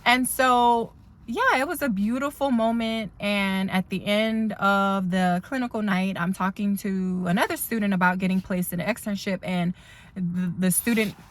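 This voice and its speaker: A woman's voice: medium pitch, normal speed, slight background noise. A woman instructor telling a heartfelt story in a rambling, emotional vlog from her car. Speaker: dental assisting instructor. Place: parked car.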